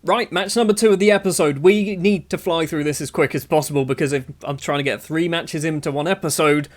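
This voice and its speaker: A man's voice: a little high, fairly quick. A man giving casual, sarcastic commentary while playing a football management game, often exasperated with his players. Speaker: gaming YouTuber.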